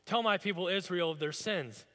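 Male pastor, bright, forceful tone, slightly higher voice, casual storytelling sermon, long church reverb. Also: normal speed. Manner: conversational, storytelling preaching. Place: church sanctuary.

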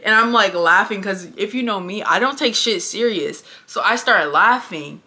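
Blunt, bright-voiced young woman vlogger. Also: mid-range voice, moderate pace. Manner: blunt, profane and emphatic. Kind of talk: casual storytime while getting ready.

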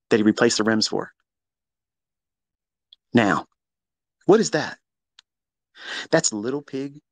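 A man telling a story in a casual monologue, profane and mocking, with sudden loud outbursts. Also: mid-range voice, no room sound. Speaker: trading educator on a live audio space.

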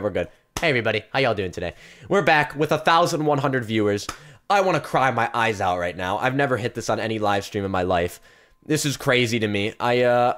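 A young man giving live commentary on his game stream, chatting straight to his viewers and breaking into loud yelps and shouts. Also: medium pitch. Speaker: gaming streamer.

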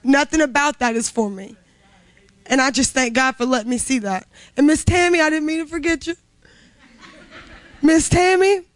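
High-voiced woman giving a grateful testimony. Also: no room sound. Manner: grateful, heartfelt, rising to fervent. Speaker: graduating resident giving testimony.

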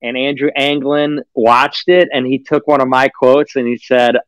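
A man's voice: mid-range voice, flat delivery, moderate pace, smooth, no room sound. Profane, sarcastic man, dry sound. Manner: profane, sarcastic, mock-acts other people. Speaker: streamer guest. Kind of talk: casual stream chat.

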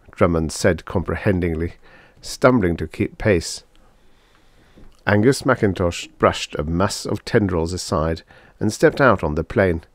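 A man narrating a vintage science fiction audiobook in an expressive storytelling read. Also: low-pitched, unhurried, no room sound, studio quality. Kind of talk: scripted narration.

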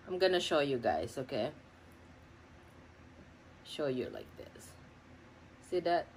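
This middle-aged food vlogger's voice rumbles low with big pitch swings and a slow pace, and there is slight background noise. She eats on camera at home in her kitchen for a mukbang, gushing over her food and murmuring between bites.

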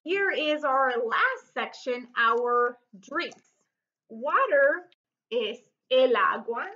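Woman, Spanish teacher, unhurried, repeats each word, higher voice, muffled lo-fi audio. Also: animated, sharp tone. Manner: slow, clear, repeats each word several times. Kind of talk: recorded classroom vocabulary lesson.

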